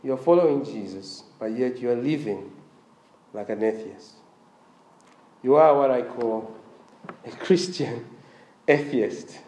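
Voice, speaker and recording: A man's voice: medium pitch, takes it slowly, pauses often, mellow, roomy sound. A man preaching a sermon, with a slightly strained voice, asking the congregation questions as he goes. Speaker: pastor.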